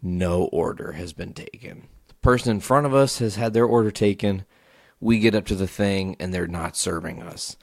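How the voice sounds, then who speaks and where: A man hosting a solo podcast, telling a story as a profane, animated rant. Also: low voice, normal speed, vocal fry, no echo, clean studio sound. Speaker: podcast host.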